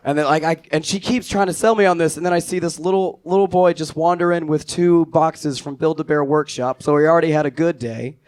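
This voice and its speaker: A young man telling a stand-up story in a slightly higher-than-usual voice. His delivery is dry and offhand. He lets the punchlines fall low and quiet. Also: steady tone, a little fast, few pauses, smooth. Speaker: stand-up comedian.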